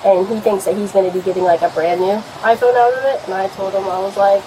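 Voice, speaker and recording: A woman's voice: mid-range voice, fast talker, few pauses, noisy background. A young woman rambling through an account of a fight for the police, swearing often and filling her talk with fillers, recorded on a body camera at a house. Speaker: complainant speaking to police.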